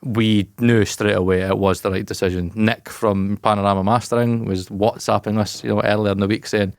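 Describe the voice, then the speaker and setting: A man's voice: fairly low pitch, little pitch movement, fairly quick, no echo, studio quality. A man co-hosting a podcast in loose, rambling casual chat, swearing and laughing often. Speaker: podcast co-host.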